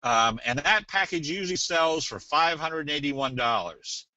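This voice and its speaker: A man presents a casual webinar in a folksy, rambling manner, like a salesman explaining charts. His voice is bright and forward. The audio is dull and lo-fi, dry with no room sound. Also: fairly high pitch, expressive, measured pace, dry recording. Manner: folksy, rambling, tells jokes.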